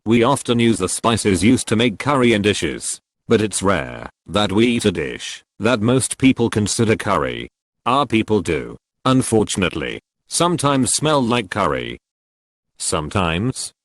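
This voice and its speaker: A man reads online posts aloud in a fairly low voice. His pitch rises and falls a lot as he moves from one post to the next. The sound is close and dry, with no room around it. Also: big pitch swings, normal speed, dry recording. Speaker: narrator of forum posts. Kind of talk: scripted narration of online posts.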